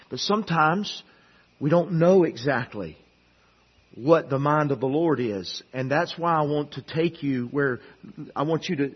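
Husky-voiced preacher with dynamic delivery. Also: male voice, a little high, muffled recording. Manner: swings from loud emphatic peaks to hushed, quiet passages; frequent restarts and repeated words. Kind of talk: sermon.

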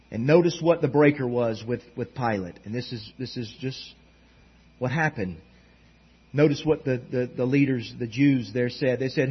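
A man preaching a sermon with a dramatic delivery, swinging between loud emphasis and hushed low tones. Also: husky. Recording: dull lo-fi sound.

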